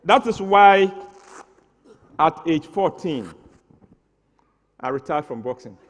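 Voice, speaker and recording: An animated man in his sixties performs a comic stage story and acts out each moment with mock drama. His voice sits a little high for a man, and it rings with a long reverb through a theatre. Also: slow, a little hiss or hum. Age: 60s.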